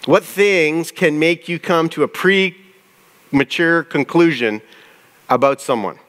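A man who pastors a church, preaching a conversational sermon, often asking his listeners questions and reading scripture aloud slowly. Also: fairly high pitch, fairly bright tone.

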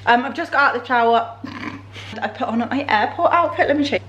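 A woman's voice: high-pitched, quick pace, a bit bright, dull audio. A young woman vlogging to camera at home, talking in a chatty, rambling way full of "like" fillers. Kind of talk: casual to-camera vlog. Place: at home indoors.

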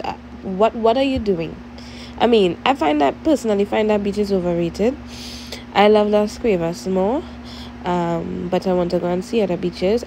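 A young woman with a Trinidadian accent talks straight to her audience in a loose, chatty vlog style, drifting from one thought to the next. Her voice is mellow and soft rather than bright. A faint hiss of noise sits behind her. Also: medium pitch, poor audio. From Trinidad and Tobago. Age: young adult. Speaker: vlogger. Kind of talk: casual chat to viewers.

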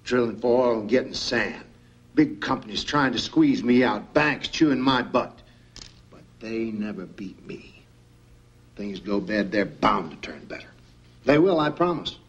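A man's voice: on the low side, expressive, measured pace, breathy edge, dull audio. An actor playing an older, blunt and doting Texas oilman father, folksy and scornful. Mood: doting, stubborn. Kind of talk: TV film drama acting.

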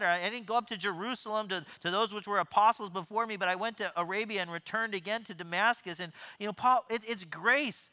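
A man giving a sermon as pastor, animated, often repeating and restarting words and acting out quoted voices. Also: high voice, fast, few pauses. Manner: acts out quoted voices in his preaching.

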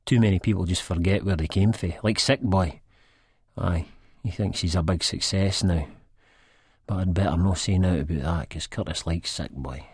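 Deep husky Scottish man, first-person audiobook reader, dry close sound. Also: moderate pace, a little mellow, no echo. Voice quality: broad dialect delivery, sweary and blunt. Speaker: audiobook narrator.

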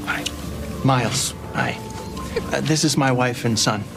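A man's voice: mid-range voice, unhurried, gravelly, over music. An actor playing a polite, hesitant father meeting strangers in a TV scene. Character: polite awkward white father at a funeral.

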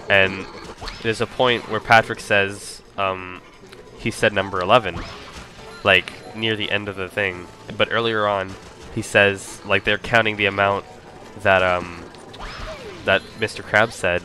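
A man's voice: low-pitched, pushed and bright. A man casually commenting on his own speedrun, rambling with lots of "like" and "um". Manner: rambling, full of "like" and "um".

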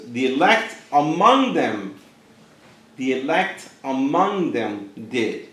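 A man teaching a conversational Bible lesson as a pastor, animated and acting out quotes with sudden jumps in his voice. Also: mid-range voice, echoey room, poor audio. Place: church.

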